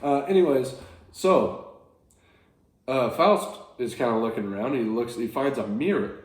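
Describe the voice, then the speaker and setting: A man's voice: mid-range voice, animated, a little slow, echoey room. A man casually explaining a classic play in a rambling, chuckling way, often correcting himself. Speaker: video host explaining a play.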